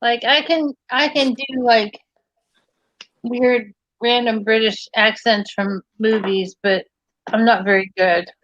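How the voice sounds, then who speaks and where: A woman chatting casually with friends, enthusiastic and quick to laugh. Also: a little high, fairly even intonation, fairly bright tone, muffled recording. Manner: enthusiastic, giggly, laughs often. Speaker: friend in group chat. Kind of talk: casual chat.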